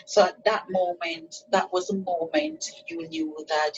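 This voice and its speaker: A woman hosting an interview show, who prompts her guest softly and backs her up with frequent murmurs of agreement. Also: lowish voice, big pitch swings, a little slow, slightly rough, muffled recording. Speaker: show host. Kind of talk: gentle interview questions.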